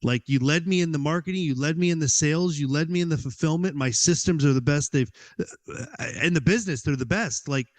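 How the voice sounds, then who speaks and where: A man as a podcast guest, telling a personal story in an animated way and acting out his own inner dialogue, with many "like"s. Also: fairly high pitch, fairly quick.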